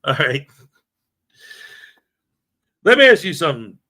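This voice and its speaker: A man's voice: a little high, very animated, unhurried, bright, forceful tone. A man hosting a casual morning livestream, chatting and laughing as he greets viewers and reads their comments aloud. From United States. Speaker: livestream host. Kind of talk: casual live-stream chat.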